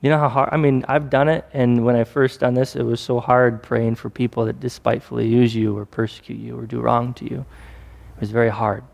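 Male preacher, mid-pitched, casual sermon delivery with acted asides, long hall reverb. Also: little pitch movement, fairly quick, creaky, a little mellow.

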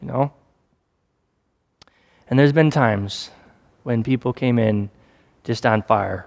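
A man's voice: mid-range voice, slow pace, vocal fry, pauses often, a little mellow. A man preaching a sermon in a conversational way, acting out little scenes as he goes. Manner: conversational preaching with acted-out asides. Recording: long hall reverb.

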